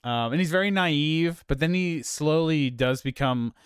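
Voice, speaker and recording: A man's voice: fairly high pitch, unhurried, clean tone, no echo, studio quality. A man hosting a casual film discussion podcast, rambling with lots of fillers and restarts. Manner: rambling, many fillers and restarts, laughs easily. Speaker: podcast host.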